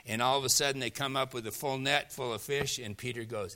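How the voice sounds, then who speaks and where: A male pastor preaching a sermon, retelling scripture stories with animated emphasis, swinging from loud, driving lines to soft, hushed ones. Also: medium pitch, fairly quick, few pauses.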